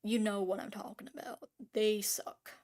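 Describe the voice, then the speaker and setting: A woman's voice: medium pitch, steady tone, normal speed, a little mellow. A woman ranting casually on camera about making art, rambling and swearing, full of restarts and trailing fillers. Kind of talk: casual spoken rant.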